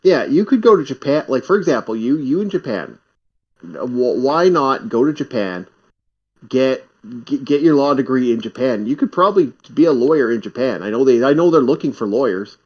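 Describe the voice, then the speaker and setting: A man's voice: mid-range voice, very animated, moderate pace, breathy edge. A talkative man from Canada, chatting animatedly and often repeating his words. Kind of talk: casual chat. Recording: slightly muffled audio.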